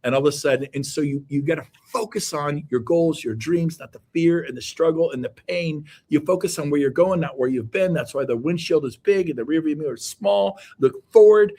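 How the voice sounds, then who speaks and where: A middle-aged man, a guest on an interview show, giving an energetic, emphatic motivational talk that is full of repeated exhortations. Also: fairly high pitch, brisk, few pauses.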